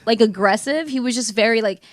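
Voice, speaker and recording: Give me a lively young woman telling a story on a podcast, recorded dry and close. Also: fairly high pitch, fairly quick, no echo. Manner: animated, acts out quotes, laughs often. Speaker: podcast co-host. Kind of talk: casual storytelling chat.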